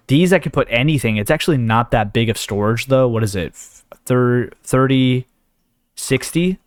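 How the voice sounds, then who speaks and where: A man's voice: medium pitch, clean tone, no echo, clean studio sound. A man hosting a gaming video, rambling and thinking aloud as he sorts through his inventory, with a case of the hiccups. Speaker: gaming channel host. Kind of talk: casual let's play commentary.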